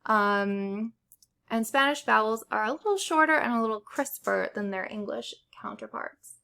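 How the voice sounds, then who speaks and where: A woman's voice: on the high side, animated, normal speed, creaky, sharp tone. A young woman teaching Spanish pronunciation in a casual lesson, explaining step by step with examples.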